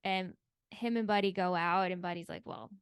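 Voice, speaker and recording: A woman's voice: fairly low pitch, normal speed, clear, resonant tone, dry recording. Dry-sounding woman co-hosting a recap podcast. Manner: animated retelling, acts out characters' lines. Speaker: podcast co-host. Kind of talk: casual recap chat.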